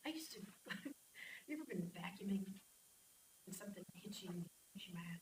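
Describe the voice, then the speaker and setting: A woman's voice: medium pitch, expressive, normal speed, pauses often. Woman teaching a Bible class. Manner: conversational, asks the class questions, reads scripture aloud. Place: church classroom. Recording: echoey room, mic at a distance, faint hiss.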